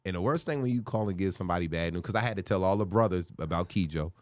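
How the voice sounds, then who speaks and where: A middle-aged man with a low, deep voice tells a personal story on a podcast. He talks casually and acts out the people in the story. His voice is close and dry, with no room sound. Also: rapid-fire, no room sound. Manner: animated, acts out voices in his stories, curses freely. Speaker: comedian guest.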